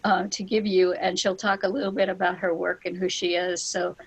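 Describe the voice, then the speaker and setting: A woman leading a spiritual online gathering, telling a story with lively acted-out quotes and laughs. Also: on the low side, brisk, husky, rough recording. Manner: animated, acts out quoted voices with laughs. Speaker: spiritual teacher and ceremony leader. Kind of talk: storytelling talk on an online call.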